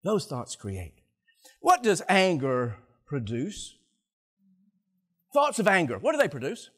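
An older man, a pastor, preaching a sermon to his congregation with animated delivery and audience banter. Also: a little high, slow, husky. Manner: animated, laughing, talking to the congregation.

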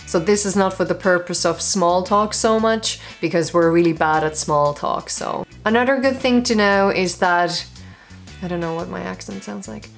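A young Finnish woman with a Finnish accent, teaching phrases in a chatty, joking vlog. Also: lowish voice. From Finland. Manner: chatty, joking, self-mocking. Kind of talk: casual vlog lesson.

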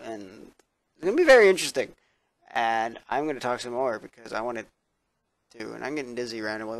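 A young man rambles to his webcam late at night, tired and sarcastic, with plenty of swearing. His voice sits at an ordinary pitch. The sound is dry and close, with no room echo. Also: gravelly. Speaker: vlogger. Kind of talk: casual rambling vlog. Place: indoors at his computer.

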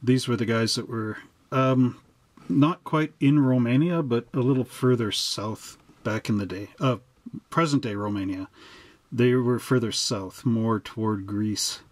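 A man's voice: mid-range voice, measured pace, no room sound. Chatty man explaining hobby kits. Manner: chatty and digressive, with joking asides. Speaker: hobby channel host. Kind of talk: casual hobby explainer, showing model kits.

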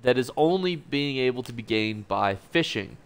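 A man's voice: medium pitch, lively intonation, normal speed, gravelly, clean tone. A man hosting a scripted video game guide, upbeat and joking, talking over gameplay. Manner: upbeat, joking, self-correcting. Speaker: gaming YouTuber.

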